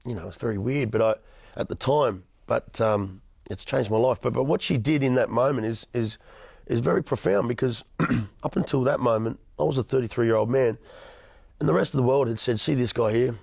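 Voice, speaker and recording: Earnest Australian male guest in his thirties, gravelly voice, dry recording. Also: mid-range voice, fairly quick, a little mellow, no echo. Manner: earnest, frequent restarts and stammers. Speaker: interview guest. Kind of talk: personal testimony in conversation.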